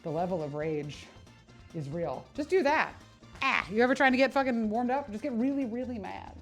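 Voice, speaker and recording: Animated swearing woman streaming a workout. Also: fairly high pitch, normal speed, soft background music. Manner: animated, swearing, self-mocking, laughs often. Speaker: fitness streamer and personal trainer. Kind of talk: casual live-stream chat while working out.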